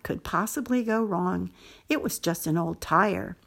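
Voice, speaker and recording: A woman hosting a show, reading a first-person story aloud in a measured, scripted way. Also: lowish voice, creaky, husky. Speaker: host and story reader.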